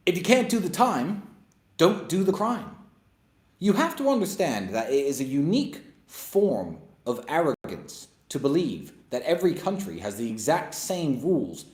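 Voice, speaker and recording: A man's voice: medium pitch, darkish tone. A man hosting an opinionated monologue and Q&A, blunt and sarcastic, with emphatic delivery. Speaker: host. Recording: roomy echo.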